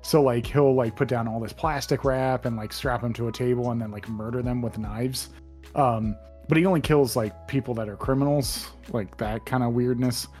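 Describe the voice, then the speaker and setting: A man recapping a game on a podcast in a loose, rambling way, full of fillers and false starts. His pitch sits in the middle of the usual range. Faint music plays underneath. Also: fairly even intonation, normal speed, darkish tone. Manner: rambling, many fillers and restarts. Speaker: podcast co-host. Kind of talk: casual chat.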